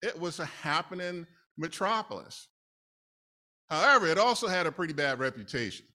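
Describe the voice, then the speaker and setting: A man's voice: a little high, animated, normal speed, sharp tone. A man from New City, preaching a casual, conversational sermon with laughing asides. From New York City. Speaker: lay preacher.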